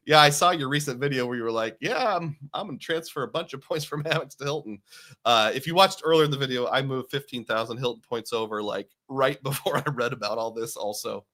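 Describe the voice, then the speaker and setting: A man's voice: medium pitch, bright, forceful tone. A man in his forties hosting a casual live stream, chatting, reading viewer comments aloud and laughing often. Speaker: livestream host.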